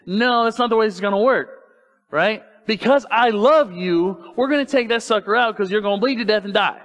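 A man's voice: high voice, fairly quick, a bit bright. A man preaching a sermon in church, talking to the congregation casually and asking rhetorical questions. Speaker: pastor. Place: church sanctuary.

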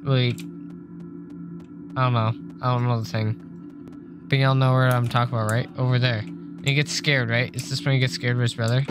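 A young man talking to his stream viewers over a desk mic, loose and jokey with plenty of swearing. His voice sits at an ordinary middle pitch, and he turns jumpy and loud when the game scares him. Faint music plays in the background. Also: fairly even intonation, normal speed. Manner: joking, chatty, swears a lot, gets jumpy when scared. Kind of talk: casual livestream chat while gaming. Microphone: desk microphone.

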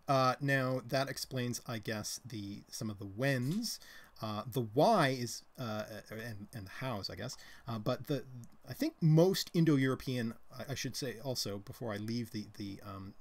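A Canadian man co-hosting a live stream, explaining linguistics in a casual, hesitant way with many ums and restarts. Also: medium pitch. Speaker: co-host.

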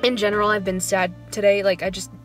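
Speaking quickly and flatly in a medium-pitched voice, a young woman in her twenties vents in a casual vlog over soft background music. She's an elementary school music teacher, and her rambling story is full of "like"; she sounds dejected and unmotivated.

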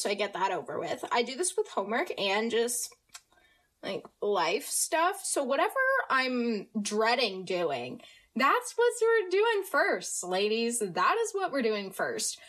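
A teenage American girl hosting a casual podcast, chatty and upbeat, jumping between quick asides. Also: a little high, big pitch swings, fairly bright tone. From United States. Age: teens. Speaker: podcast host. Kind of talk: casual chat.

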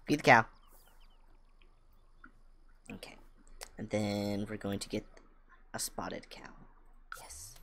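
A woman streaming a farming game, chatting casually with viewers and cooing excitedly at her animals. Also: unhurried, pauses often. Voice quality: low voice that jumps high with excitement. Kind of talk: casual gameplay chat.

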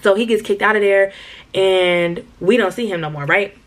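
A young female vlogger speaks at a normal pace in a mid-range voice, telling an animated, slangy storytime straight to her viewers and calling them "y'all."

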